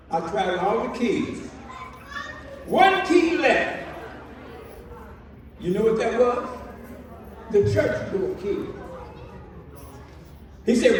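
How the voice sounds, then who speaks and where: A man, a reverend, telling a personal story at a celebration and acting out the dialogue in a lively way. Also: very high-pitched, slow pace, long pauses. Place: large hall. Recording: echoey hall from far off.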